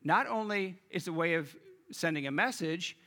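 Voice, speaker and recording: Casting: male pastor, bright and forceful, a bit high, chatty preaching. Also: animated, normal speed. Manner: conversational, addresses the congregation directly. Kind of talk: sermon.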